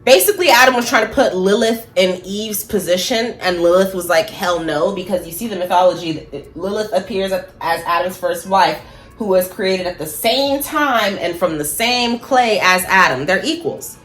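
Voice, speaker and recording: A woman talking casually and bluntly to camera, swearing freely, laughing at her own points and slowing down for emphasis. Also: medium pitch, fairly bright tone. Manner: slows down for emphasis. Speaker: spiritual vlogger. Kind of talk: casual opinion monologue.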